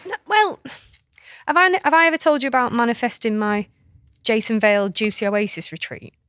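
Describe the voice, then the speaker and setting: A woman, co-hosting a podcast and telling stories in an animated way, laughing and acting out the voices. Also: fairly high pitch, brisk, no echo, studio quality. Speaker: podcast co-host. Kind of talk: casual storytelling chat.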